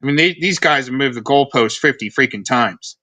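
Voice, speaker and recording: A man's voice: mid-range voice, fairly quick, pushed and bright. A man hosting a livestream, ranting in a sarcastic, rambling, scornful way as he comments on a recording. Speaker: livestream host.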